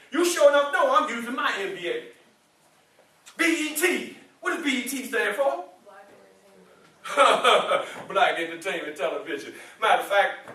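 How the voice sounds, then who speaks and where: A man giving a lively motivational speech to students. He teases them playfully, asks them questions and waits for their answers. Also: very high-pitched. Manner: playful, teasing, asks the audience questions and laughs often. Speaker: motivational speaker. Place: indoor room with a student audience. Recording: very echoey room, mic far off.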